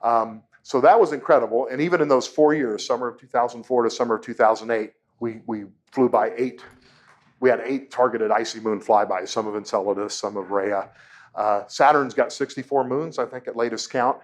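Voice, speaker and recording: A man's voice: medium pitch, fairly quick. A man, a propulsion engineer, giving a humorous public lecture to an audience in a lecture room, telling anecdotes and quizzing the crowd. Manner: storytelling, self-deprecating jokes, quizzes the audience.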